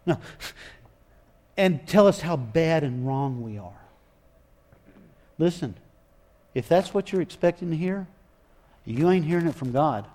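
A man's voice: fairly high pitch, dark tone. A man preaching a sermon in an emphatic, folksy way, often repeating his phrases.

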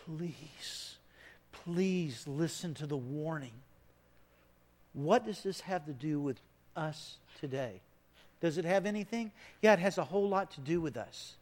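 A man preaching a sermon as pastor, swinging from hushed lines to loud, emphatic ones. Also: fairly high pitch, long reverb tail.

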